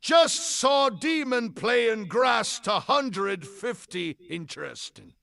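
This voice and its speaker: Man doing a put-on drawl: high, lively, crackly, very slow. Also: creaky, heavily acted.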